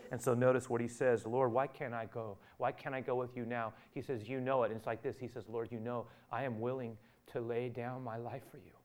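A male pastor preaching a sermon, acting out the dialogue he quotes and rising from quiet to loud. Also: mid-range voice.

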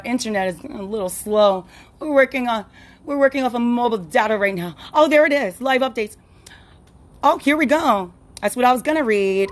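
A woman hosting a casual solo podcast, rambling with frequent laughs, restarts and fillers. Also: on the high side. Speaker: podcast host.

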